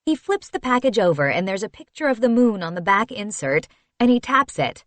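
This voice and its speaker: A woman narrating a first-person story in an expressive, wistful storytelling manner. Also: medium pitch, fairly quick, dry recording. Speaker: audiobook narrator.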